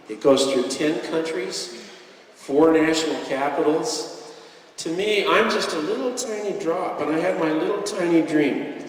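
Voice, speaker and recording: Man, slightly high voice, earnest inspirational stage speaker, recorded from the back of a big reverberant hall. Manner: earnest, heartfelt, with gentle jokes. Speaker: guest speaker at a business convention. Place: large convention hall, indoors. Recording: echoey hall, voice picked up from far off.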